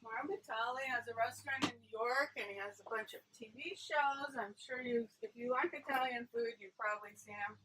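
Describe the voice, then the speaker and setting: A woman's voice: on the high side, fairly quick, hardly any pauses, sharp tone, distant mic, slight background noise, poor audio. A woman chef chatting casually while demonstrating a dish in a food truck kitchen. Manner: chatty, explaining as she cooks. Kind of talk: cooking demonstration.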